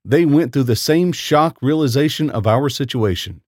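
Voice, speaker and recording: Guy reading a creepy story out loud, voice goes up and down a lot, dry close mic. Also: mid-range voice, lively intonation, moderate pace, no echo. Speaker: story reader. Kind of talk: first-person horror story narration.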